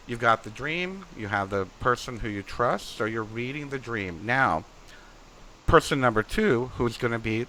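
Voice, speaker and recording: A man's voice: medium pitch, pushed and bright, a little hiss or hum, poor audio. A man and dream interpreter, explaining step by step in a conversational teaching manner during a live webinar. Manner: conversational teaching, many fillers, acts out example dialogue.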